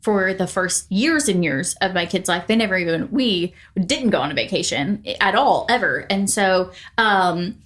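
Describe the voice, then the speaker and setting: A woman's voice: on the low side, lively intonation, moderate pace, hardly any pauses, fairly bright tone. Chatty woman co-hosting a podcast. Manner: rambling, many fillers and restarts. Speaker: podcast co-host. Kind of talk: casual chat.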